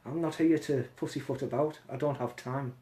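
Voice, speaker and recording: A man's voice: medium pitch, fairly even intonation, moderate pace, warm tone. A man hosting a casual live stream from his phone, talking bluntly and swearing as he calls someone out.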